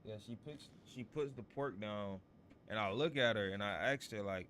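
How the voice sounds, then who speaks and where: A man's voice: lowish voice, moderate pace, fairly bright tone, a little hiss or hum. A man in his thirties telling a long, rambling story while streaming a game, constantly asking "you feel me". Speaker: gaming streamer. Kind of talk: casual storytelling over gameplay.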